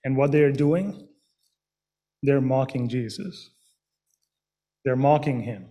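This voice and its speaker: A man preaching a sermon in a slow, earnest way, pausing with fillers and restarting his phrases. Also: mid-range voice, dark tone.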